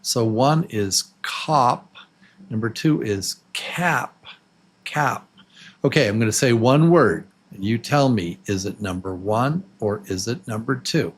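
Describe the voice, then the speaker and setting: In Los Angeles, a man teaches a beginner English pronunciation lesson, slowly drawing out and exaggerating every example word. His voice is fairly low and slightly rough, with lively intonation.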